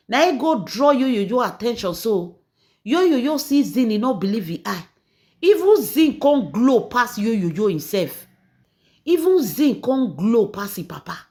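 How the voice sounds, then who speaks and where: A woman's voice: a little high, a little mellow, reverberant. A Nigerian woman hosting a gossip channel, talking in a chatty, mocking way as she mixes Pidgin and English in celebrity gossip commentary.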